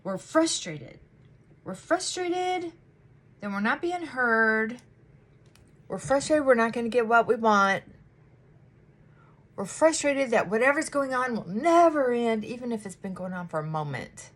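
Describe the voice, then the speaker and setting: A woman therapist chatting casually while doing her makeup, animated and acting out her clients' voices. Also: a little high, moderate pace.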